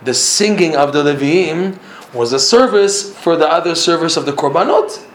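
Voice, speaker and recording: A man's voice: fairly high pitch, animated, normal speed, a little hiss or hum. A man giving a religious lecture in an emphatic way, often repeating himself and chuckling. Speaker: religious teacher. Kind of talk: Torah lecture. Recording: roomy echo.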